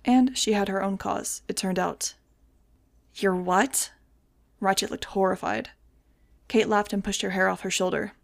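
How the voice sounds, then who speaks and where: A woman's voice: mid-range voice, fairly even intonation, normal speed, vocal fry. Woman reading a story aloud. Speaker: audiobook reader. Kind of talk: fan audiobook narration.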